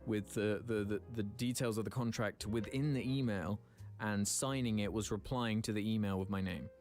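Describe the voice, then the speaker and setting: A man's voice: lowish voice, fairly even intonation, moderate pace, a little mellow, faint music behind. Self-mocking Englishman telling a story. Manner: self-mocking, laughing, stumbling restarts. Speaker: YouTuber and voice actor. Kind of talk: casual storytelling.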